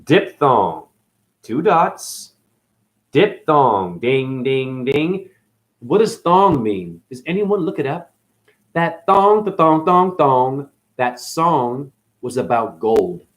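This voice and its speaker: A man hosting a rambling esoteric monologue, jumping between wordplay and sudden loud and soft swings, calling his listeners honey. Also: mid-range voice, big pitch swings, slow pace. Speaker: channel host.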